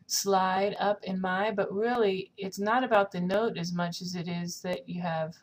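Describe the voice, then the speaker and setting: A woman's voice: lowish voice, a little hiss or hum. A young woman teaching a singing lesson, explaining technique and singing short lines to demonstrate. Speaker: vocal coach.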